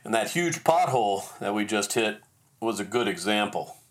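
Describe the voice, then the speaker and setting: Animated self-deprecating male storyteller. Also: fairly low pitch, normal speed. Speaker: podcast host. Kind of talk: personal storytelling.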